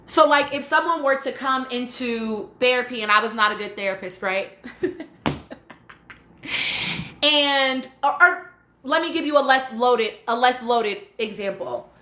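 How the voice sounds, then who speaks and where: Woman, live-stream host, bright tense tone, echoey room, casual emphatic commentary. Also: on the high side, measured pace, a little hiss or hum. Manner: conversational, emphatic, asks "right?" often. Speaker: podcast host reading live chat.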